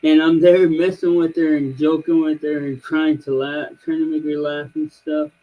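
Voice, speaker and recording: A man's voice: on the high side, flat delivery, moderate pace, dull audio. A man in his thirties on a livestream, rambling through a story with lots of fillers and restarts. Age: 30s. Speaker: streamer. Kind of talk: casual chat.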